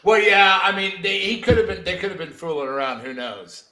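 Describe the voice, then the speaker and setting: A man co-hosting a podcast in casual chat, joking loudly and throwing in movie quotes. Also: high voice, brisk. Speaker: podcast co-host.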